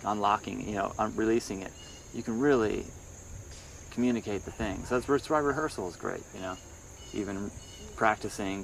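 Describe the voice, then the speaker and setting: Brief: young male musician, low-pitched, rambling and halting, casual podcast chat. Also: slight background noise. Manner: rambling, halting, many restarts.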